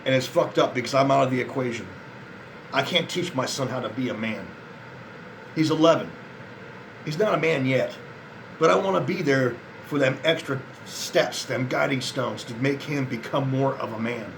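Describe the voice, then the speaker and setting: With vocal fry in his mid-range voice and background noise behind him, this worn-out man delivers a casual monologue to camera at a moderate pace. Addressing male viewers, he rambles in frustration, leaps between ideas and swears frequently, sounding disappointed and resigned.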